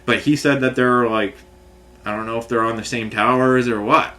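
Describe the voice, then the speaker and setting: This male vlogger's voice is medium in pitch, steady, pushed and bright, moving at a moderate pace. Frustrated, he tells a rambling story to camera in run-on sentences stuffed with filler.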